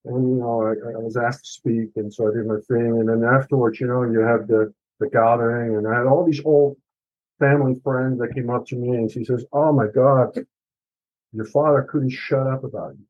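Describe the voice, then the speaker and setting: A man's voice: mid-range voice, little pitch movement, fairly quick, dull audio. A middle-aged man, an author and podcast guest, telling his personal story in an emotional, earnest and confessional way, with some swearing.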